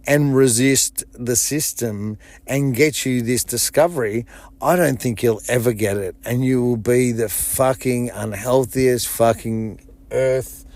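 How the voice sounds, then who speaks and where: A man talking alone on his podcast in a rambling, heavily profane way, his voice jumping up when he retells stories. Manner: excitable, pitch jumps up in retold stories. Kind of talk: casual solo podcast monologue.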